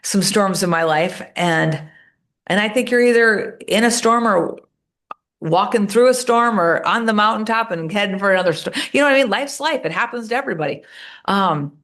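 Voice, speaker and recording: A woman's voice: medium pitch, creaky. A woman talking as a podcast guest, telling stories with energy and acting out the voices of the people she quotes. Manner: animated storyteller, acts out quoted voices. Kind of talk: casual interview talk.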